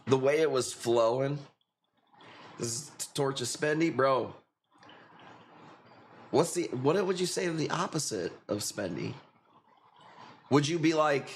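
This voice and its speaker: A man's voice: mid-range voice, lively intonation, unhurried, pauses often, slight background noise. A man with a Chicago accent hosting a live coral-sale stream, chatting casually, swearing and laughing often. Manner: laid-back, profane, laughing often. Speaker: livestream host selling corals. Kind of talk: casual livestream chat.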